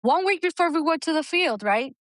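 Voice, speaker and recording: A woman co-hosting a podcast as an Army veteran, telling a story in a candid, blunt, profane and animated way. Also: high voice, brisk, no echo, clean studio sound.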